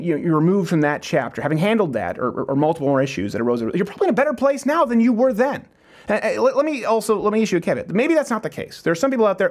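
A man hosting a talk show, delivering an emphatic motivational monologue full of repeated phrases. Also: high voice.

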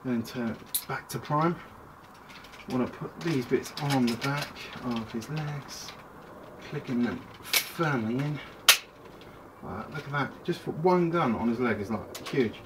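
A man's voice: mid-range voice, measured pace. Man rambling through a toy review. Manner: rambling, chatty, self-interrupting. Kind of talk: casual toy review vlog. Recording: distant mic with clear background noise.

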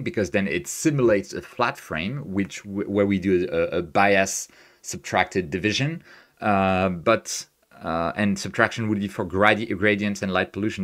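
A man chatting casually through a live stream as he edits images, excitable and quick to laugh, with a hard-to-place non-native accent and frequent restarts. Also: on the low side. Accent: hard-to-place, non-native English. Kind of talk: casual live-stream commentary while editing.

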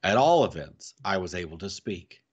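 A man reading a classic adventure novel aloud for families, with a dramatic, expressive delivery. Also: low voice, moderate pace, breathy edge, lo-fi sound. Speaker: storyteller.

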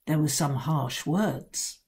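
Woman author reading aloud to children, wry and unhurried, low-ish warm tone. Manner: wry, sly first-person storytelling with dramatic pauses. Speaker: children's book author reading her own book.

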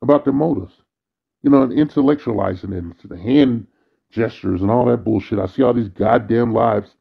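A man's voice: mid-range voice, normal speed, gravelly, breathy edge, phone-quality sound. A man delivering a bitter, weary, profanity-heavy monologue as a vlogger. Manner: bitter, weary ranting, frequent cursing.

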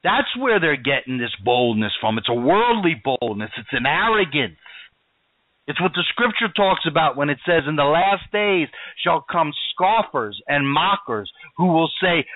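A male preacher delivers his sermon emphatically, his voice swinging up and down with animated pitch. He sits a little high for a man. The sound is dry and thin, like a broadcast heard over a phone line. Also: measured pace, no room sound. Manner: emphatic, rising and falling preaching cadence.

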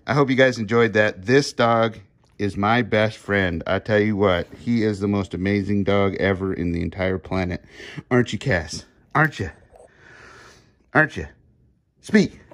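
A man's voice: on the low side, fairly bright tone. A middle-aged man, casually filming himself giving short commands and easygoing praise to a dog. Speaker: dog owner filming a training demo. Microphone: handheld camera he films himself.

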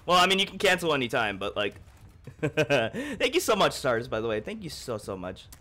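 A young man livestreaming a game in casual chat, excitable and joking as he thanks his chat. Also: mid-range voice, moderate pace.

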